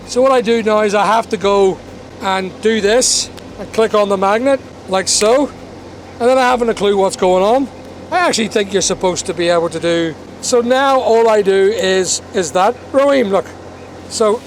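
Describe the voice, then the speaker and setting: Chatty high-voiced man. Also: moderate pace, a little hiss or hum. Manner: chatty, explains as he goes, teasing asides. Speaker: vlogger renovating a property. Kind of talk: casual walk-around vlog.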